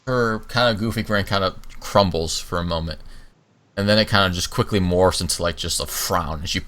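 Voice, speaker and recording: A man's voice: low-pitched, fairly quick, fairly bright tone. A man narrating a tabletop game as its game master, in loose speech full of fillers.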